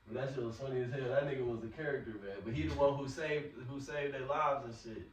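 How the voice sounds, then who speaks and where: A man's voice: medium pitch, fairly even intonation, fast. A man preaching in a casual, slangy way, often repeating words as he talks. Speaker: street preacher. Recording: echoey, from far off.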